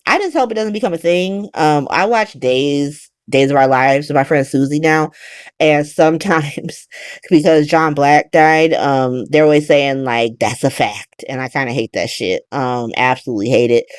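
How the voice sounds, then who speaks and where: A woman hosting a casual soap opera recap, animated and profane with exasperated ranting. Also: fairly low pitch, no room sound, studio quality. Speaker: recap podcast host.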